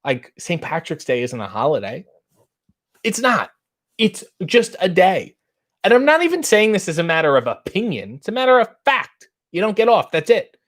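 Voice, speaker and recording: A man in his thirties, hosting a casual chat and reading out viewer comments with wry, animated delivery. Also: high voice, moderate pace. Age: 30s. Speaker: host.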